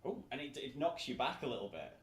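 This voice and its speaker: A man, chatting casually as a podcast host, animated and swearing as he acts out quotes. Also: mid-range voice, quick pace, crowd noise. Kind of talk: casual chat. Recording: roomy echo, faint room noise.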